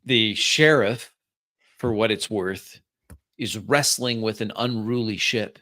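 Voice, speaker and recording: Slow, low-voiced man narrating a game. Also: sharp tone, no room sound. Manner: slow, halting descriptive narration. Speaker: game master.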